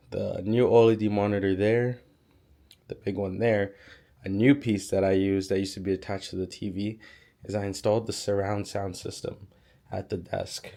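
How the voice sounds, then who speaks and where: A young man, hoarse from being sick, chatting casually as he gives a room tour. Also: sits low, dark tone. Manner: chatty, lots of "like" and "so". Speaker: YouTuber giving a room tour. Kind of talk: casual vlog walkthrough.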